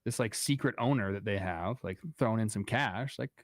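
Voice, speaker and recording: A man's voice: fairly low pitch, fairly quick, no room sound. A man co-hosting a live sports talk show, bantering and teasing the others. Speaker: co-host.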